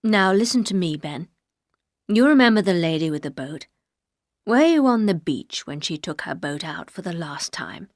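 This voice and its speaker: Woman reading a formal, measured colonel, lower, dry. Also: very animated, no echo. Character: calm formal older colonel questioning.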